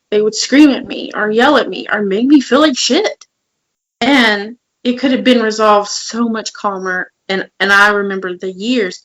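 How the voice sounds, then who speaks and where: A woman's voice: mid-range voice, a bit bright, rough recording. A woman co-hosting a podcast in casual chat, telling candid, emotional stories. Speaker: podcast co-host.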